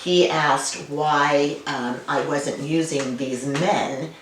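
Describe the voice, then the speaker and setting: Low-voiced woman telling stories. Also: steady tone, drawn-out words, crowd noise. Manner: warm storytelling, reminiscent. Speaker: winemaker guest. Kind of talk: conversational interview. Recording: roomy, distant, faint noise.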